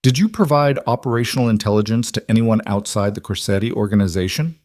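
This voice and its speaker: A man voicing a bored older polygraph examiner who asks routine questions flatly. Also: lowish voice, quick pace, no echo, clean studio sound, lightly acted.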